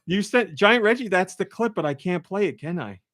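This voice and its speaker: A man's voice: sits high, animated, fairly quick, a bit bright, dry recording, clean studio sound. A man hosting a podcast in casual, rambling chat, often breaking into laughter. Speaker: podcast host.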